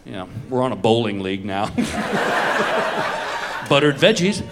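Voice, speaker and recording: A man's voice: mid-range voice, very animated, normal speed. A man doing a stand-up comedy routine on a club stage, telling a story with punchlines and brief acted quotes. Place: comedy club stage with live audience laughing. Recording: live club recording with audience noise.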